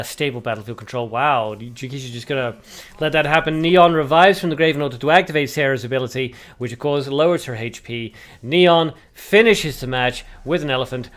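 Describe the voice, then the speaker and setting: A man hosting a livestream, commentating a card game tournament play by play while joking with viewers in chat. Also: medium pitch. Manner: chatty and jokey, banters with viewers. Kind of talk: live game commentary mixed with chat replies.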